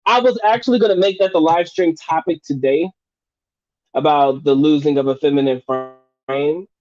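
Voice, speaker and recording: A man's voice: on the high side, moderate pace, darkish tone, lo-fi sound. A man hosting a live stream, chatting casually and profanely, restarting and rephrasing as he goes. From United States.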